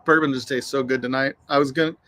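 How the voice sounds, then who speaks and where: A man's voice: medium pitch, fairly even intonation, fast talker, a bit bright. A man hosting a casual livestream chat outdoors in the wind, laid-back, swearing freely and greeting viewers by name. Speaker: livestream host. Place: outdoors on a windy afternoon.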